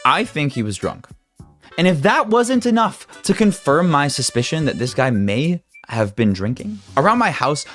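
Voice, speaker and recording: A young man excitedly telling a story-time vlog, swinging between loud outbursts and hushed asides, with some swearing and stammering. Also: fairly high pitch.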